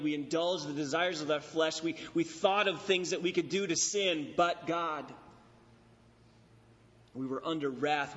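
Pastor, male, high-pitched, emphatic and deliberate; muffled sound with long hall reverb. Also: fairly bright tone. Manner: emphatic, repeats key phrases, slows on stressed words. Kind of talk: expository sermon. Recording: dull recording in a reverberant hall.

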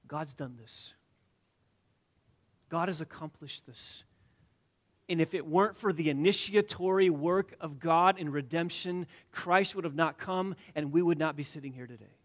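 A male preacher with a fairly high voice delivers a sermon. He sinks to hushed, almost whispered lines, then rises to loud, emphatic declarations. He drives his points home by repeating phrases. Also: measured pace. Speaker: pastor.

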